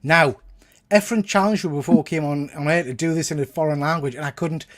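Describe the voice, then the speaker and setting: A man hosts a casual chat with friends, teasing them and laughing often. His voice sits high. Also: brisk, a little hiss or hum. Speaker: host.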